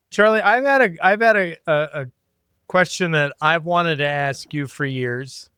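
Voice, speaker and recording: A man co-hosts a podcast and puts his questions eagerly and enthusiastically. His voice is bright and smooth and sits fairly high for a man. The recording is dry and close. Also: a little slow, no room sound. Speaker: podcast co-host, history teacher. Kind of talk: casual podcast conversation.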